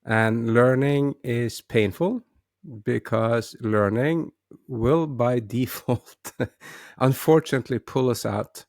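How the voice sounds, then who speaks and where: A man with a gravelly, creaky voice hosts a casual talk show on his own. He often stumbles and restarts his sentences as he talks. The sound is dry and close, with no room echo. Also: mid-range voice. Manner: hesitant, many restarts and repeated words. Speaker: host.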